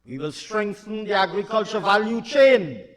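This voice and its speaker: A man delivering a budget speech in a parliament chamber, emphatic and repetitive, at times shouting. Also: sits high, expressive, moderate pace. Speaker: finance minister. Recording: long hall reverb in a large chamber.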